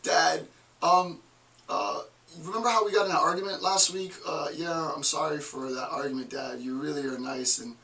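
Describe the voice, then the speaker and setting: A man's voice: a little high, fairly even intonation, normal speed, sharp tone, distant mic. A man playing a grown son calling home to apologize to his father and ask him to co-sign a lease, in a wheedling, apologetic manner. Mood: pleading. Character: adult son sheepishly asking his dad for help.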